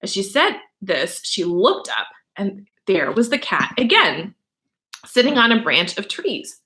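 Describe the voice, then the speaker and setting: A woman's voice: mid-range voice, sing-song, unhurried, bright, forceful tone. A young adult woman teacher reading a story aloud and stopping to explain words in a chatty way, with many fillers and asides.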